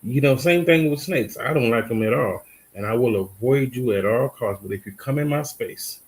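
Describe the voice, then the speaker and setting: A man's voice: medium pitch, normal speed, rough recording. A man with a Cajun accent talking on a podcast in a laid-back, easygoing way, often restarting his sentences. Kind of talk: casual chat.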